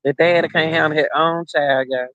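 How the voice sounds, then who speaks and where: A man's voice: a little high, steady tone, normal speed, fairly bright tone, no room sound, highs cut off. A middle-aged man hosting a casual livestream, rambling and chatting directly to his viewers. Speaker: livestream host.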